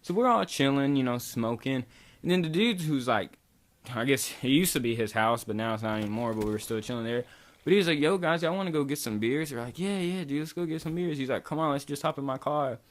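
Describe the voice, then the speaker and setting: A man's voice: medium pitch, lively intonation, fairly quick. A young man from Kentucky, casually telling a long, rambling story with lots of swearing. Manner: loose, rambling, swears a lot. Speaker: vlogger.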